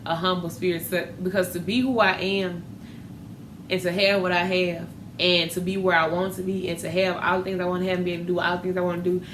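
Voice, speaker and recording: In an echoey room with a faint hum of noise, a podcast host speaks quickly in a lowish, fairly flat-pitched voice. She's open and animated as she chats casually about faith and dating.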